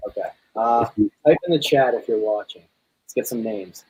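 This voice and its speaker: A teenage guy hosting a homemade live stream in a relaxed, easygoing way. His voice is mid-pitched, with faint noise behind it. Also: moderate pace, low-quality recording. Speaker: podcast co-host. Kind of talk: casual live-stream chat.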